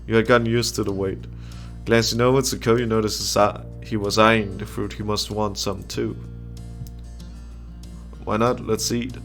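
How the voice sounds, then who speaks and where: A young man with a fairly low voice reads a visual novel aloud in a casual gaming video. He breaks off often to laugh and to make blunt, profane remarks about the characters. Faint music plays under his voice. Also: little pitch movement, normal speed. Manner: reads the game text aloud, with frequent laughs and crude asides. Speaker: gamer playing a visual novel. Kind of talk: casual let's-play commentary.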